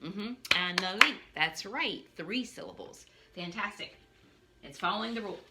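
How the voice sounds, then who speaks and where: A woman teacher giving a phonics lesson for young children from her living room, in an animated, sing-song way with playful asides. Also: mid-range voice, moderate pace, heavy background noise. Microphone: camera on a stand.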